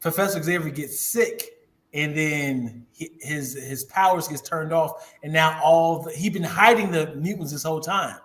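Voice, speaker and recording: A man co-hosting a podcast in casual chat, often halting and searching for his words. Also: a little high, a bit bright. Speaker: podcast co-host.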